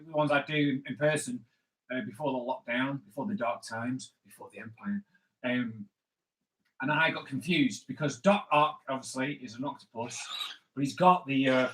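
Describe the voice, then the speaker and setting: A man hosts a live draw-along and talks through each sketch as he works. His voice sits high and has a sharp, bright edge. He sounds goofy and easy-going, tossing in jokes between pen strokes. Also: low-quality recording. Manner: playful, chatty, jokes while drawing. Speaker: comics artist hosting a live drawing stream.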